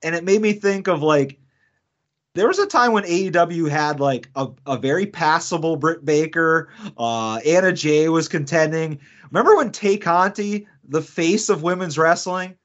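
In dull lo-fi audio, a man co-hosting a podcast chats casually and rambles, with frequent fillers and restarts. His voice is a little high and moves at a moderate pace.

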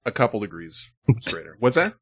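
A man, a live streamer telling a story to his chat in a casual, profane, animated way, full of "like" and "you know". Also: on the low side, fairly quick, husky.

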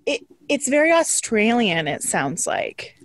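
Woman cohost, chatty, laughs a lot, kinda high voice. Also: very animated, a little slow, a crowd in the background. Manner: chatty, laughs often, trails off. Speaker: podcast co-host. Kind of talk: casual chat.

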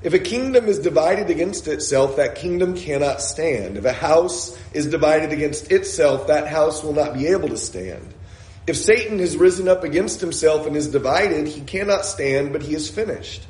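A man's voice: a little high, expressive, moderate pace, darkish tone, echoey room. A man preaching a sermon in a church room, reading Scripture aloud and explaining it in a conversational way, with frequent "uh"s and self-corrections.

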